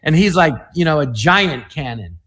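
A man in his sixties, a comedian telling stories on an online panel, animated and dropping into quick impressions. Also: a little high. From United States. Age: 60s. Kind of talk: casual storytelling.

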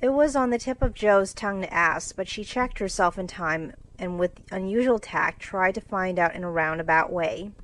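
A woman narrating a classic novel in a measured, clear reading for English learners. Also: medium pitch, poor audio.

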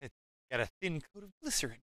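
A woman's voice: low voice, sing-song, fast, pushed and bright, no echo, clean studio sound. A woman co-hosting a live stream, bubbly and teasing as she thanks supporters. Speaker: co-host reading viewer messages. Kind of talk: live-stream co-host chat.

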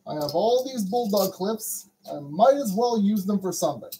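A man's voice: high-pitched, animated, normal speed, dark tone, a little hiss or hum, rough recording. A man hosting a crafting video, chatting casually and joking at his own expense while he sorts kit parts. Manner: chatty, self-deprecating, talks to himself while sorting parts. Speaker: crafting channel host. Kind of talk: casual narration while building a model kit.

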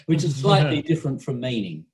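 Chuckling man telling a story. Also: mid-range voice. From Australia. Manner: chuckling storyteller with frequent "you know" fillers. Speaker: meditation teacher. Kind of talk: anecdotal storytelling in conversation. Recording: echoey room.

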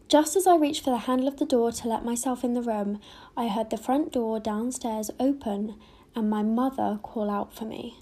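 Dark-toned woman narrating a scary story. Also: on the high side, moderate pace.

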